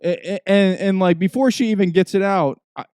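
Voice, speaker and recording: A young man, a podcast host, telling a profane, ranting story in casual chat, swinging between low mutters and loud outbursts. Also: fairly quick, clean tone, no room sound.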